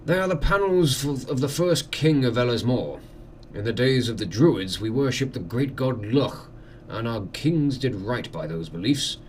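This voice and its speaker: A man voicing a formal male lord of a manor, speaking slowly in a measured, courtly way. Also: medium pitch, expressive, a little mellow, a little hiss or hum, natural voice. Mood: solemn. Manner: slow, measured, courtly speech.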